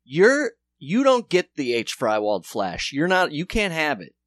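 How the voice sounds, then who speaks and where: A man's voice: on the high side, huge pitch swings, a little slow, fairly bright tone, no room sound, studio quality. Rambling, sarcastic podcast man. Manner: rambling, sarcastic, swears a lot. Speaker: podcast co-host. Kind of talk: casual profane chat.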